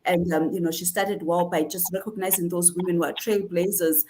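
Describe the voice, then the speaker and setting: A woman's voice: lowish voice, fairly even intonation, fairly quick, slight background noise. A woman from South Africa moderating an online panel, talking hesitantly with lots of ums and uhs. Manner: hesitant, many fillers, warm praise.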